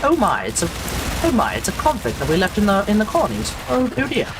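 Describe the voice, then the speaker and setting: An Australian man voicing a sniffy, pompous upper-class British man, drawn-out and posh, with game gunfire in the background. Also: high voice, huge pitch swings, background noise, heavily acted. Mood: scornful.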